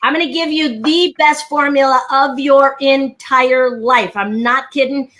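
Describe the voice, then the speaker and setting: A woman speaking coach telling stories on a live video call over a headset mic, lively and animated, acting out the people she quotes. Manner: fast, lively storyteller, acts out quotes in a high voice. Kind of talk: animated live-stream chat.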